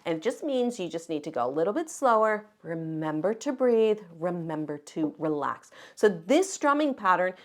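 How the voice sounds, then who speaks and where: A woman's voice: lowish voice, sing-song, moderate pace, few pauses. A woman teaching guitar, explaining step by step in an encouraging, friendly way. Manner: encouraging, explains step by step while counting beats. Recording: guitar music behind the voice. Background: her own acoustic guitar playing.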